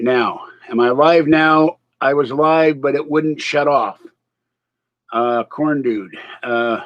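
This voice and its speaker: A man's voice: mid-range voice, highs cut off. Rambling man with a slight cold. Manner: rambling, distracted, laughs at his own remarks. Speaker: vlogger. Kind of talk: rambling live-stream chat.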